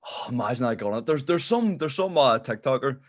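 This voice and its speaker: Fast-talking young Derry man, lo-fi. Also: mid-range voice, animated. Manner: laid-back, rambling, swears freely. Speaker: podcast guest. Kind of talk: casual chat. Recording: muffled lo-fi podcast audio.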